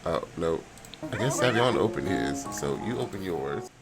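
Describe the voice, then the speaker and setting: A man's voice: deep voice, expressive, moderate pace, music in the background. A man giving casual commentary while playing a life-sim game, chatting and reading the characters' dialogue aloud. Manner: chatty, reads sims' dialogue aloud, squeals now and then. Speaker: let's player.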